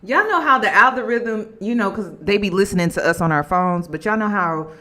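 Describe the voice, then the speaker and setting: A woman giving casual commentary to her viewers, animated and laughing as she talks. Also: mid-range voice, brisk, a little hiss or hum. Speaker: commentary vlogger.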